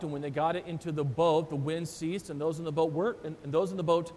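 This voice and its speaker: A pastor preaching a sermon, retelling the story with animated voices for the disciples. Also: male voice, fast talker, hardly any pauses. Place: church sanctuary. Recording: long church reverb, faint rumble.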